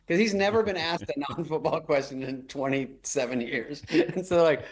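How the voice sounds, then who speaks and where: A middle-aged man, a comedian guest, telling stories in a wry, deadpan way and putting on mocking voices for the people he quotes. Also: on the high side, a little fast, few pauses. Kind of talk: storytelling chat.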